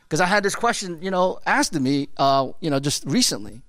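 A middle-aged man delivers a sermon in an animated, conversational style, tossing in "right?" over and over. His voice sits high and swings widely in pitch. The recording is dry and close, with no room sound. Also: brisk, hardly any pauses, dry recording. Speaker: pastor.

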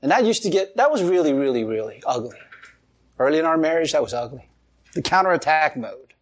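Male pastor mid-sermon; very lively, swooping pitch, expressive and animated. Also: fairly quick. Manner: animated preaching with laughs and acted-out quotes.

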